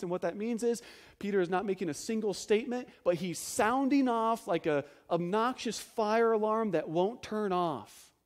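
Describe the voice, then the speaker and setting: A man preaching a sermon as pastor, emphatic, asking the congregation rhetorical questions and swinging between loud stresses and hushed low phrases.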